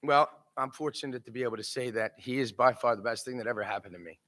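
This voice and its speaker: A man's voice: mid-range voice, fast, pushed and bright. A man giving an emotional eulogy for his father at a memorial service, telling funny stories and laughing through them.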